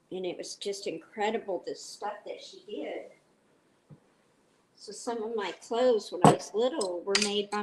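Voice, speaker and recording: A middle-aged woman talks at an unhurried pace as she cooks on a live stream. She chats warmly with her viewers and wanders off into long stories. Her nose sounds a bit stuffy. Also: medium pitch, a little hiss or hum. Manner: chatty, greets viewers by name, rambling stories. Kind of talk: casual chat while cooking.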